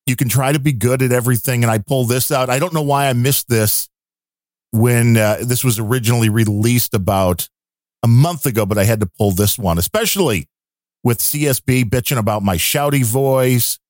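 A man's voice: medium pitch, moderate pace, darkish tone, no room sound, clean studio sound. A man hosting a podcast in casual chat, telling stories in a playful, upbeat way. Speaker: podcast host.

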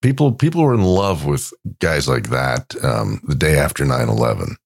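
A man co-hosting a podcast, talking casually with a smooth, deep voice. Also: very animated, normal speed. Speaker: podcast co-host. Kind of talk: casual chat.

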